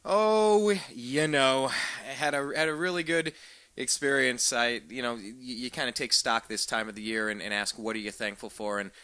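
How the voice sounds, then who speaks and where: A man's voice: medium pitch, normal speed, bright, forceful tone, smooth, no room sound. A man hosting a political talk show, upbeat and joking with a sarcastic edge. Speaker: host.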